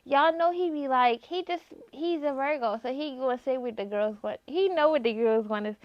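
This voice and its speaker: Tipsy woman host, high voice, brash and profane, sings bits, dry slightly dull recording. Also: normal speed, hardly any pauses, no echo. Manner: loud, playful, swears freely, breaks into singing. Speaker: podcast host. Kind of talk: casual solo podcast chat.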